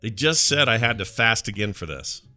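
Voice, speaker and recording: A man's voice: on the low side, very animated, moderate pace, sharp tone, soft background music. A man co-hosting a podcast, chatting casually and ranting in exasperation with jokes thrown in. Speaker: podcast co-host. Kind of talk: casual chat.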